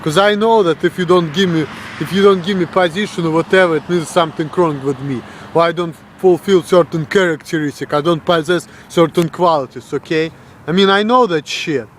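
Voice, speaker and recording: Talking briskly in a voice on the high side, a young Russian-accented Russian man vlogs a blunt, profane rant. He crudely mocks other people's voices, with slight background noise in the recording.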